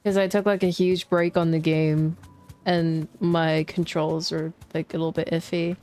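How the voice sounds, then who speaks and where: A woman's voice: low-pitched, flat delivery, normal speed, a little mellow. Chatty woman streamer explaining a game. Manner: chatty, explains with many fillers. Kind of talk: casual gameplay commentary.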